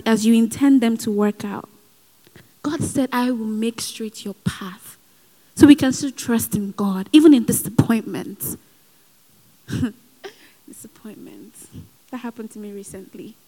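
A woman's voice: fairly high pitch, measured pace, warm tone. A woman preaching a sermon in an earnest, exhorting way, with personal asides. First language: not given. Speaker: speaker at a Christian gathering. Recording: hall with long reverb.

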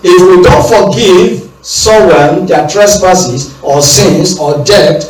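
A man's voice: sits high, slow, few pauses. A male preacher giving a sermon, repeating his phrases and asking the congregation to answer back. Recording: echoey room, voice from far off the mic.

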